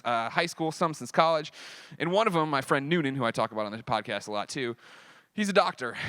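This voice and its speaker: A man in his thirties telling a personal story to a convention audience, animated and profane, acting out what other people said. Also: a little high, clean tone, no room sound.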